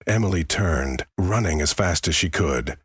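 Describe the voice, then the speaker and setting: A man's voice: low-pitched, expressive, moderate pace, slightly rough, no room sound, clean studio sound. A man giving grave, dramatic scripted true-crime narration.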